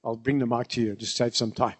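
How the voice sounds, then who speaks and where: A man's voice: mid-range voice, fairly even intonation, fast talker, breathy edge. A man preaching a sermon, emphatic and repeating phrases for stress.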